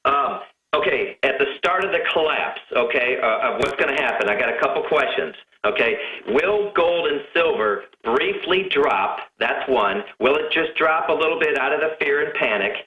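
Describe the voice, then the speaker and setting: A man's voice: medium pitch, expressive, normal speed, reverberant, highs cut off. A man calling in to a radio show, asking questions hesitantly and checking in often. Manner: hesitant, checks in with repeated "okay". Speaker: caller. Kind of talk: call-in question.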